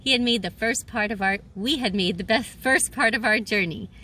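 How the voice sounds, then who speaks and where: A woman reading a children's adventure novel aloud in first-person narration, lively and expressive. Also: a little high, normal speed, slight background noise. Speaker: audiobook reader.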